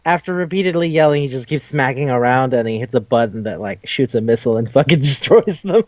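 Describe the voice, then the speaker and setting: A man's voice: medium pitch, lively intonation, fast talker, darkish tone, no room sound, highs cut off. A man casually retelling a cartoon episode, swearing, laughing and jumping into the characters' voices. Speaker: podcast host. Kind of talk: casual recap chat.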